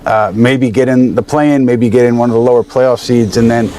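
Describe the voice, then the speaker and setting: A man reading out a sports news article in a measured, steady way. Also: mid-range voice.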